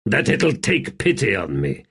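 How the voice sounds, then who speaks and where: Weary middle-aged smith, voiced by the male narrator, low voice, dry and deadpan audiobook figure. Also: unhurried, vocal fry, slightly rough, exaggerated voice. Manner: dry, tired. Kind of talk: audiobook character voice.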